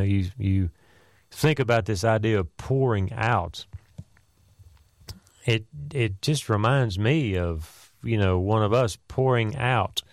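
A man preaching a conversational sermon, often pausing with "you know" and "uh". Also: on the low side, a little mellow, no echo, clean studio sound.

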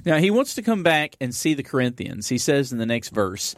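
A man's voice: medium pitch, very animated, a little fast, dry recording. Man teaching scripture, dry close sound. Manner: reads scripture aloud, then explains it with fillers. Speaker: Bible study host. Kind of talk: conversational Bible teaching.

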